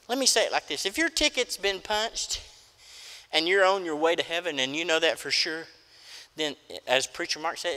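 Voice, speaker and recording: A man's voice: fairly high pitch, expressive, moderate pace, sharp tone. A middle-aged man preaching a sermon as pastor, folksy and emphatic, telling stories. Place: church sanctuary. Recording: church hall reverb.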